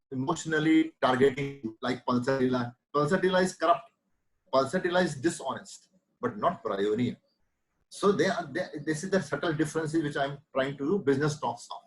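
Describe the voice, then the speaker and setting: A man's voice: a little high, low-quality recording. A middle-aged man with an Indian English accent, teaching a homeopathy lecture with emphatic repetition. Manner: emphatic, repeats key words, acts out patient quotes.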